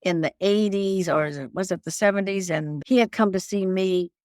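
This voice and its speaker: An older woman from Detroit, a singer being interviewed, telling stories in an animated way and repeating phrases for emphasis. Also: medium pitch, normal speed, no room sound, studio quality. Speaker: guest singer. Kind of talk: casual interview chat.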